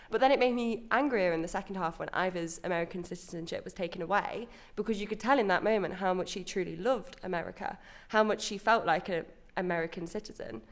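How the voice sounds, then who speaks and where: Woman podcaster, kinda low voice, chatty and excited, fixes her own slips as she goes. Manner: chatty, enthusiastic, self-correcting. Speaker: podcast co-host reviewing a musical. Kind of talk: casual review chat.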